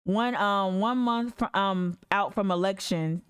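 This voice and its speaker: A woman's voice: mid-range voice, unhurried, clean tone. A woman hosting an activist podcast, reading articles aloud and breaking off into profane, fired-up rants. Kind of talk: casual livestream commentary.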